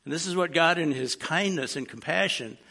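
A man preaching in a relaxed, conversational way, with a fairly high voice that is gravelly and bright. He keeps his teaching plainspoken and slips in dry, joking asides. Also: fairly quick. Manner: casual and plainspoken with wry humorous asides. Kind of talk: conversational sermon.

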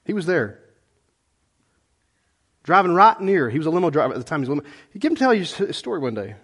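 A middle-aged man preaching a sermon as pastor, conversational and animated, with folksy asides to the congregation. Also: on the high side, quick pace, husky.

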